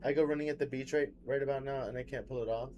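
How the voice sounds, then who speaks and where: A man's voice: mid-range voice, steady tone, rapid-fire, music in the background. A man streaming a game from home, chatting casually with viewers and cheering and laughing often. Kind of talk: casual gaming livestream chat.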